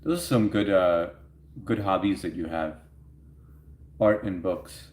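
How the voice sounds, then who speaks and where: A man's voice: low voice, measured pace, a little mellow. A man hosting a livestream, chatting casually with viewers, laughing often and reading their comments aloud. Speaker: livestream host answering chat. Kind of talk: casual chat. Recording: echoey room.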